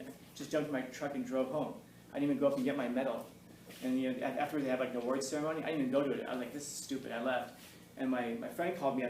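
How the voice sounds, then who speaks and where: A man's voice: mid-range voice, darkish tone, slight background noise. A man teaching a class, telling rambling, self-deprecating stories and laughing often. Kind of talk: classroom talk to students. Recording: echoey room, mic far off.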